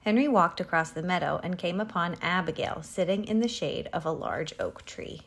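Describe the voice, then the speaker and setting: A woman reading a children's picture book aloud in an expressive, animated way. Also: lowish voice, moderate pace, creaky. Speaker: reader.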